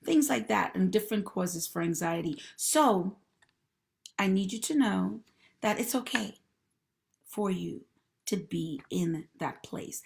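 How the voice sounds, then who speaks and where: Female counselor-host, gravelly mid-pitched voice, encouraging, talks straight to viewers. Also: animated, unhurried. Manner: encouraging, talks directly to viewers and greets commenters. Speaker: host and mental health professional. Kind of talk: live-streamed advice talk.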